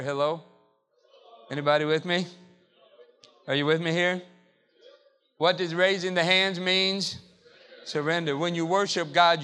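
A man's voice: a little high, pushed and bright. A male pastor from the South, preaching a sermon in a church and repeating key phrases in call-and-response. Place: church sanctuary.

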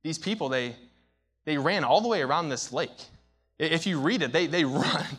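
A young man preaching a sermon, telling a story with big swings from hushed to shouting. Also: fairly high pitch, lively intonation, moderate pace, husky.

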